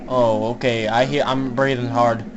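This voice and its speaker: A young man giving casual, joking commentary while playing an online horror game, swearing and laughing often and shouting when startled. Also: mid-range voice, level tone, normal speed, dull audio. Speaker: gaming YouTuber. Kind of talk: casual let's-play commentary.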